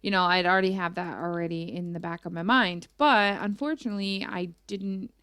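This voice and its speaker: A woman's voice: fairly low pitch, brisk, fairly bright tone, smooth, no room sound. A young woman chatting casually through her gameplay, rambling and full of fillers. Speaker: gaming YouTuber.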